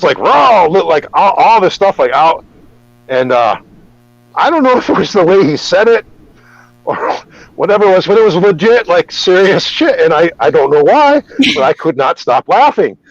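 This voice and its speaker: This male podcast host speaks at a normal pace in a voice on the high side, and he is very animated. He wanders through a personal story, full of restarts and swearing, in dull, lo-fi audio without echo.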